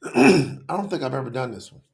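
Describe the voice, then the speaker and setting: A man's voice: mid-range voice, very animated, normal speed, gravelly. A man hosting a live online telethon, talking passionately and casually straight to his viewers. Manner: passionate, addresses viewers directly in casual slang. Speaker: livestream host. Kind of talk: casual livestream talk.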